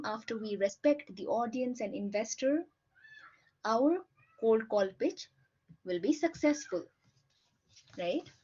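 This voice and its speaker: A woman's voice: a little high, darkish tone. A woman teacher giving a patient, explanatory lecture and often checking in with "right?". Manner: patient, ends points with "right?". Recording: dull lo-fi recording.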